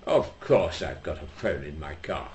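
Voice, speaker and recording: A man's voice: very deep voice, big pitch swings, measured pace, a little mellow, pitched below the performer's own voice, exaggerated voice. Man doing a snooty, haughty rich man. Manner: haughty and clipped. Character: snooty, wealthy man with a luxury car.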